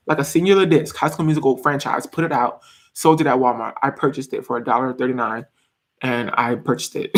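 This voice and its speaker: Young male streamer, twenties, slightly high-pitched, giggly rambling chat with his viewers. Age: 20s. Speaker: live-stream host. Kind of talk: casual live-stream chat reading comments.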